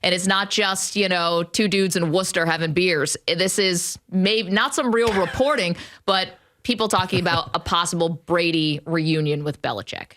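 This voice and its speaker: Woman on sports talk, lowish voice, opinionated and emphatic, studio. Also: fairly even intonation, moderate pace, hardly any pauses, a bit bright. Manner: opinionated, emphatic, laughs often. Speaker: sports talk show co-host. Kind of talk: casual sports debate.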